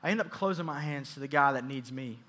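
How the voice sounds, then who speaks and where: A man preaching a sermon, telling a story in an animated, playful way with soft asides. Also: mid-range voice, fast. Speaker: youth pastor.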